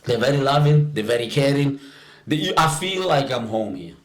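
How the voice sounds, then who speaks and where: A man from Africa, telling stories in a casual podcast chat, animated and quick to laugh, often repeating words as he starts a sentence. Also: medium pitch. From South Africa. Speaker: podcast guest. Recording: roomy echo.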